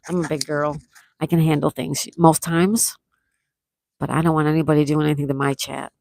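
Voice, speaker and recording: A woman's voice: low voice, level tone, fairly quick, vocal fry, darkish tone, no room sound. A woman hosting a casual livestream, chatting and reading out viewer comments, laughing often. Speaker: livestream host.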